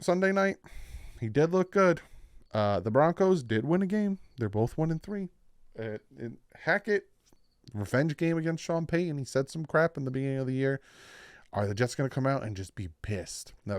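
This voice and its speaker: Animated sports picks vlogger, dry sound. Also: male voice, smooth, dry recording. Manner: animated, with sudden jumps in pitch and loudness. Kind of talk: casual sports prediction talk.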